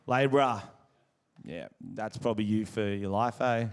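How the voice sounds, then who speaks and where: A man from Wollongong, Australia, with a fairly low voice and normal speed, does crude, brash stand-up and crowd work onstage. It's a live show, so audience noise is audible.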